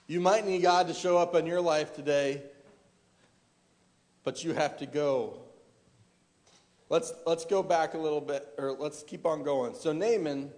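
A man preaching a sermon, his fairly high voice carrying long reverb through a church hall. He asks the congregation rhetorical questions and often restarts his phrases. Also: a little mellow.

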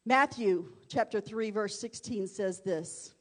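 A woman preaching a sermon, swinging from hushed, quiet stretches to loud, fervent shouting. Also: mid-range voice, slow pace.

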